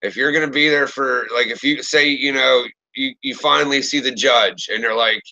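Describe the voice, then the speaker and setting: Bright, profane storytelling man. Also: mid-range voice, normal speed, dry recording, lo-fi sound. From Pittsburgh area, US. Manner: profane, animated storyteller acting out quotes. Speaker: podcast host. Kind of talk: casual storytelling chat.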